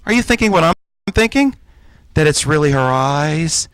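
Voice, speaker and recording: A man's voice: mid-range voice, lively intonation, moderate pace, no room sound. A comedian in his forties from New Jersey doing a campy, self-deprecating stand-up set as a talk show guest. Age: 40s.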